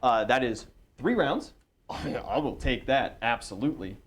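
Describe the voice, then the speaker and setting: A man playing a tabletop game, relaxed and casual, counting out dice rolls aloud. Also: mid-range voice, measured pace, a little hiss or hum. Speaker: player.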